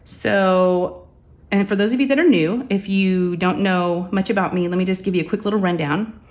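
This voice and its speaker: A woman's voice: mid-range voice, normal speed, a little mellow. Chatty woman in her forties. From Texas. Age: 40s. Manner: chatty, rambling, addresses viewers as y'all. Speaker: crafting vlogger. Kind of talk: casual chat to viewers. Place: craft room at home.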